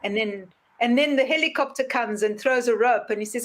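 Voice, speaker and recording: Animated woman podcast host. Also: on the high side, a little fast. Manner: animated storyteller, acts out voices in anecdotes. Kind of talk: casual interview talk.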